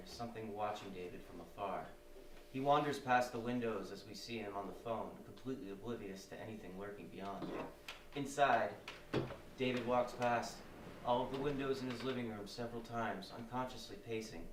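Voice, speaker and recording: A man narrating the stage directions at a live script reading, with a steady, descriptive delivery. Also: fairly low pitch. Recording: roomy stage sound from far off, faint noise.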